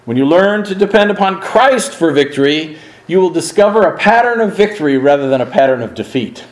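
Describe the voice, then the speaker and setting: A man preaching a sermon in an earnest, emphatic way, swinging his pitch and pace to stress his points. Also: expressive, brisk, roomy sound, rough recording.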